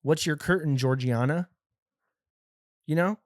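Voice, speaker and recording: A young American man hosting a comedy podcast, rambling through a profane, animated monologue full of restarts. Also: a little high, unhurried, dry recording, studio quality. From United States. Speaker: podcast host.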